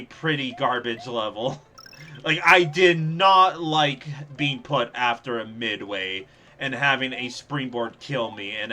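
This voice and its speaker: A young man giving live, sarcastic gameplay commentary as he streams, reacting fast and laughing at his own mishaps. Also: mid-range voice, pushed and bright. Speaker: streamer playing a level contest.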